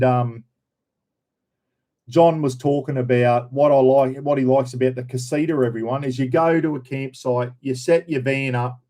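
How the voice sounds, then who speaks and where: In a rambling, repetitive casual live chat, a middle-aged Australian host reads out and greets viewers by name, often saying "everyone" and "bloody." He has a mellow, mid-range voice.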